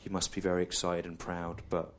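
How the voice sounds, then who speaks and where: A male stand-up comedian telling a long story in a deadpan, slow, repetitive way, over audience laughter. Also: low voice, a crowd in the background, background noise.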